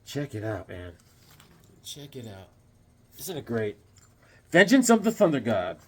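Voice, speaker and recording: This medium-pitched man takes his time, his slightly mellow voice swooping wildly up and down. He's a channel host and comic collector giving a laid-back comic book review, wandering off on tangents and tossing out cheesy jokes.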